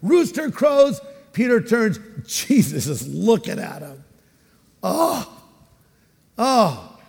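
A pastor with a Californian accent delivers a sermon in a high-pitched voice, animated and full of acted-out quotes. His words ring through a large hall with a long reverb. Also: a little slow, gravelly.

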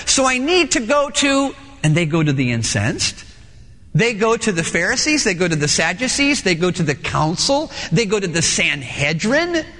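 A man preaching a sermon as pastor, emphatic, with repeated phrases and dramatic pauses, heard in a reverberant church hall. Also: sits high, pushed and bright.

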